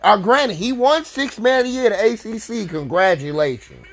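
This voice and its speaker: A man in a heated fan rant, furious and swearing, his high voice leaping wildly between low mutters and shouts. He repeats himself over and over and sounds upset. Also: lively intonation, moderate pace. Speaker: sports fan. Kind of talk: angry rant to camera.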